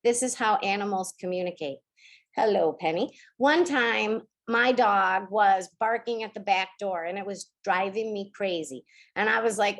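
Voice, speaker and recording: A woman hosting a spiritual video call, teaching gently and slowing down to stress key words. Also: mid-range voice.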